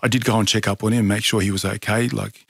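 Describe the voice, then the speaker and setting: A man's voice: lowish voice, steady tone, quick pace, gravelly, breathy edge, no room sound, clean studio sound. A middle-aged man telling his story in a casual, earnest way, with many fillers and restarts. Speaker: podcast guest, fighter.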